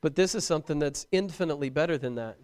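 A man preaching a sermon, animated and emphatic, with touches of humor and repeated words for stress. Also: a little high, fast talker, clean tone.

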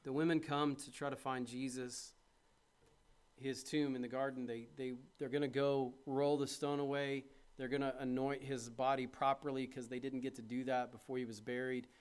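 A man preaching a sermon to his congregation, asking them questions directly and moving from quiet reflection to loud, impassioned appeals. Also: medium pitch, little pitch movement, moderate pace, clear, resonant tone.

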